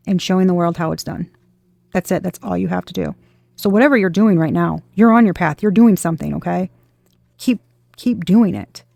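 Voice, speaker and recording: A woman's voice: mid-range voice, vocal fry, warm tone, no room sound. A woman giving a casual tarot reading to her viewers, emphatic and repetitive, swearing freely as she talks. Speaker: tarot reader.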